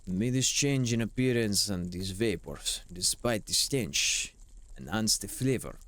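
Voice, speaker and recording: A man putting on a hushed mock-Italian cook. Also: lively intonation, measured pace, no echo. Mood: theatrical. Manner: low, hushed, theatrical reading. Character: Italian-accented male cook narrating the game.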